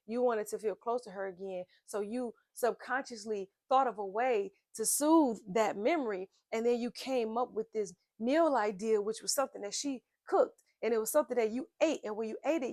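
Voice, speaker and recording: A woman's voice: medium pitch, a little mellow, no room sound, studio quality. A woman giving an earnest, conversational faith and health talk, repeating phrases for emphasis and acting out little scenes.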